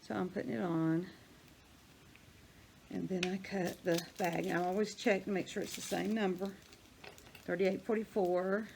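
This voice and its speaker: A woman's voice: fairly low pitch, fairly even intonation, moderate pace, creaky, pauses often, darkish tone, slight background noise. Chatty older woman crafting. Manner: chatty, rambling, thinks aloud while working. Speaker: crafting vlogger. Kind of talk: casual hands-on craft demonstration.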